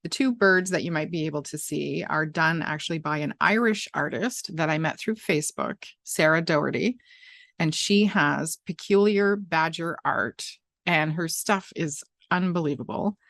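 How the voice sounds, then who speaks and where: A woman's voice: low voice, normal speed, creaky, fairly bright tone, dry recording. A woman hosting a talk show, chatting casually and rambling with many restarts and fillers. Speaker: podcast host. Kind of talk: casual chat.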